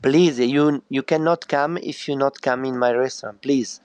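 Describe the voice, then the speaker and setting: A middle-aged man with a strong Italian accent works through his English slowly, filling pauses with "uh" and dropping into Italian words. His voice sits at an ordinary pitch. The sound is dry and close. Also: steady tone, a little mellow, clean tone, no echo. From northern Italy. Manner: halting English with many fillers, slipping into Italian. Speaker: chef. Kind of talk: interview over a call.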